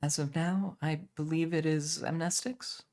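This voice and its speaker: A man voicing a stiff, formal young woman who answers in a flat, precise way. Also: fairly high pitch, measured pace, voice pushed up.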